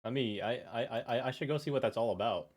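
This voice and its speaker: A man's voice: medium pitch, fast talker, husky. A young man streaming a game live, chatting casually, rambling and stammering with self-mocking jokes.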